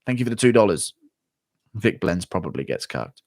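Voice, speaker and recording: A man's voice: sits low, very animated, creaky, darkish tone, dry recording, studio quality. A young man hosting a livestream, chatting casually, reading out donations and swearing freely as he rants. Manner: profane, ranting, quick to flare up. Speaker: livestream host.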